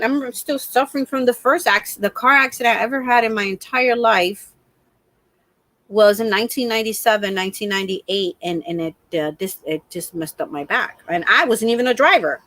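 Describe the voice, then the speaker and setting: Middle-aged woman, live stream host, animated exclamatory storytelling, dry close sound. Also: mid-range voice, normal speed, no echo. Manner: animated, exclamatory, acts out the scene.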